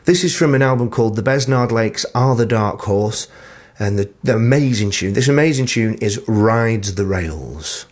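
A man's voice: fairly low pitch, expressive, normal speed. A man with a Manchester accent, chatting casually and self-deprecatingly as a radio presenter from his small home, with plenty of filler words. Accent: Mancunian English. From Manchester, England.

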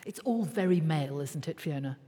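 A woman's voice: deep voice, expressive, a little fast, warm tone, long reverb tail. A woman hosting a discussion, asking her guests questions in a poised way. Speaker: host. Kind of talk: presenting a discussion.

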